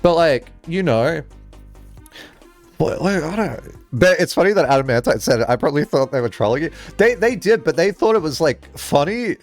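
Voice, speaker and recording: A man's voice: on the high side, animated, normal speed, faint music behind. A male streamer chatting casually while playing a game, rambling through a story with lots of "like" and swearing.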